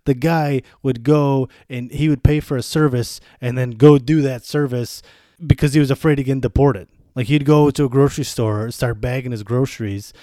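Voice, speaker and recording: A man's voice: mid-range voice, fairly even intonation, normal speed, dark tone, dry recording, clean studio sound. A man in his thirties from the United States, hosting a podcast in a casual, profane rant. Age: 30s. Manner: profane, ranting. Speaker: podcast host. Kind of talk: casual monologue.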